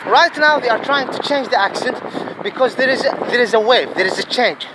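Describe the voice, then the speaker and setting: High-voiced man pleading over wind noise. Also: a little fast. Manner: pleading, repetitive, emphatic. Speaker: vlogger. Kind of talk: rambling opinion monologue.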